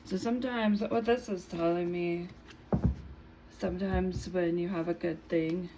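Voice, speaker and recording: Gravelly, husky-toned woman reading tarot. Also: fairly low pitch, fairly even intonation, noisy background. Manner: unhurried, musing, trailing off mid-thought. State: slightly hoarse, just woke up. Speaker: tarot reader.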